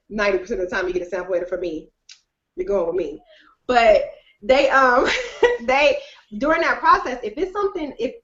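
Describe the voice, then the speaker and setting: A woman author and editor talking expressively and colloquially as an interview guest over a video call. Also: on the high side. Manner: expressive, colloquial, laughs often. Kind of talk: animated casual interview talk. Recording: roomy, dull lo-fi video call audio.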